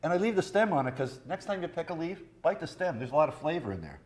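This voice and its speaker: A man's voice: fairly high pitch, very animated, fast talker, darkish tone. Jokey man chef in a TV kitchen. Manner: jokey, rambling storyteller. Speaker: guest chef. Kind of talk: cooking demo chat. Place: TV studio kitchen.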